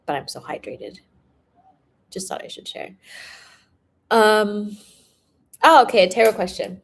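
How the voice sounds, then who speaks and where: A woman's voice: mid-range voice, animated, slow pace, vocal fry, pauses often, slight background noise. A young woman reading tarot on a livestream in casual chat, laughing often and swearing freely. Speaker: tarot reader.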